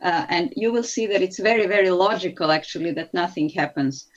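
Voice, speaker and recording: A woman's voice: on the low side, fairly quick, dull audio. A woman with a Serbian accent teaching an English grammar class online, patient and encouraging as she explains step by step.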